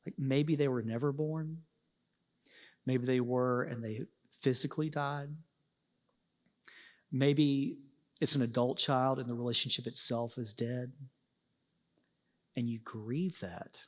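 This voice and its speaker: A man preaching a sermon as a pastor, earnest, slowing for emphasis and rising to passionate peaks. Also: medium pitch, steady tone, big-room sound.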